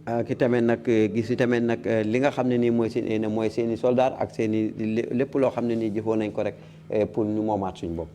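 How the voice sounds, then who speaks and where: A man interpreting live at a hearing, quick and filling gaps with "eh". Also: on the low side, fairly even intonation, mellow. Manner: quick, with many "eh" fillers. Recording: faint background noise.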